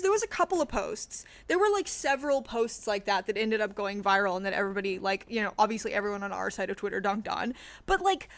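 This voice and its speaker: A woman's voice: a little high, a bit bright. A young woman from Texas chatting casually on a livestream, sarcastic and profane, often breaking into laughter. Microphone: desk microphone.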